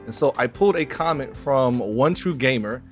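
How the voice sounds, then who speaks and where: A man's voice: medium pitch, animated, normal speed, soft background music. Laid-back man reading a comment. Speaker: comedy panel member. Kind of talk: casual chat reading a comment.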